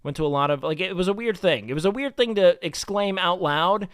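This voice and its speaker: A male streamer talks casually to his chat, rambling through fillers and growing animated as he rants. His voice sits a little high and sounds smooth. The sound is dry and close. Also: fairly quick, no room sound. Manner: rambling, heavy with fillers like "like" and "you know"; worked-up and animated when ranting.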